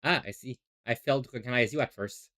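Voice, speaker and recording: A man voicing a polite, eccentric gentleman detective who talks in a courteous, rambling, self-assured way. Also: medium pitch, fast, pitched below the performer's own voice, natural voice.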